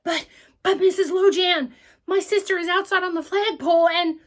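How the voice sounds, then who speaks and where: A woman voicing an excited young boy who shouts high and urgently in a read-aloud storybook. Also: normal speed.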